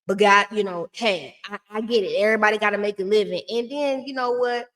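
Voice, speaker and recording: A woman's voice: medium pitch, a little fast, a bit bright. A woman giving a blunt, chatty recap of a reality show in a casual, slangy way.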